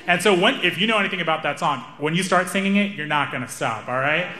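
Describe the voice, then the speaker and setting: Bright-voiced young male comic. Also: on the high side, quick pace. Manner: animated, wry, self-amused. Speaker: stand-up comedian. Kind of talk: stand-up comedy storytelling.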